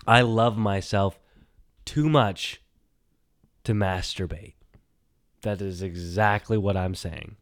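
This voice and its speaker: A man hosting a solo podcast, rambling and animated, talking to himself and swinging from loud bursts to quiet mumbles. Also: fairly low pitch, a little slow, long pauses, no room sound, studio quality. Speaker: podcast host.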